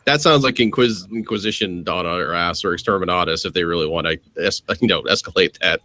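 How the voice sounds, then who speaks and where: A man's voice: low-pitched, a little fast, bright, forceful tone, no echo. A man playing in a casual tabletop role-playing session, making wry, joking asides. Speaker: player. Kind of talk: casual tabletop game chat.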